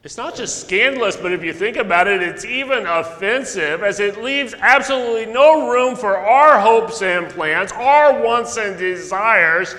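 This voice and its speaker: A male pastor preaching a sermon, telling stories earnestly, with sudden loud emphasis and soft drops. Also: high voice, unhurried, few pauses. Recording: long echo of a large hall.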